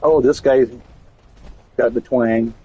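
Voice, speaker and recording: A man's voice: medium pitch, steady tone, slow pace, dark tone, slightly rough, lo-fi sound. A man chatting casually while gaming, telling rambling, profane stories full of restarts. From Canada. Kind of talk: casual chat.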